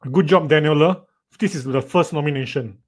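A man's voice: fairly high pitch, a little fast. A man teaching a live online writing lesson, reading students' sentences aloud and teasing them playfully. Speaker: writing tutor.

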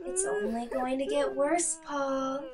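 A woman voicing a cold, taunting anonymous killer who speaks slowly and quietly. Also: sits high, recorded from a distance. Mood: mocking. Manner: slow, quiet, mocking.

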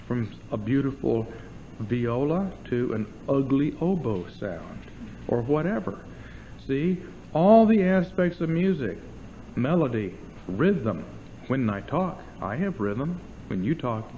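A man giving an informal theology lecture to an audience, lively and demonstrative, often checking in with questions to his listeners. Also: a little high, narrow, tinny audio, slight background noise.

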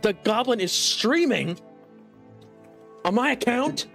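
A man's voice: extremely high pitch, animated, takes it slowly, creaky, fairly bright tone, soft background music. A young man streaming live from home, ranting in mock outrage with lots of exasperation.

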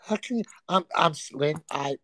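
A woman's voice: low voice, moderate pace, a bit bright, dry recording. A woman hosting a casual livestream from a friend's home, teasing and swearing through crude, brash banter. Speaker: livestream host.

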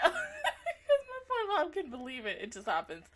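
A young woman chatting casually about an episode she just watched, excitable and laughing often, with a casual habit of swearing. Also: extremely high pitch, unhurried. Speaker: anime reaction vlogger. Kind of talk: casual reaction chat.

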